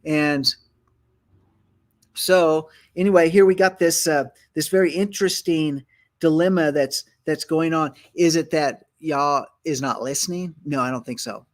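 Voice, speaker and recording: Speaking in a slightly high, steady voice at a moderate pace, this man hosts a Bible teaching show. He's a ministry host whose conversational style leans on fillers and restarts as he reasons aloud and reads passages of scripture.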